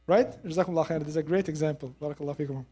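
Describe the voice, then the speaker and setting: A Quran recitation teacher giving a live class at a mosque, repeating example sounds slowly and checking in with students. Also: medium pitch, fairly even intonation, dark tone, husky.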